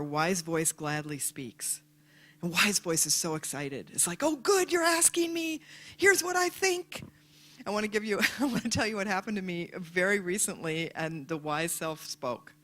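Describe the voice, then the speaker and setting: A woman giving a motivational talk to a live audience, telling stories and acting out the voices of people in them. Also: low-pitched. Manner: animated storyteller, acts out voices in quotes. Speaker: speaker.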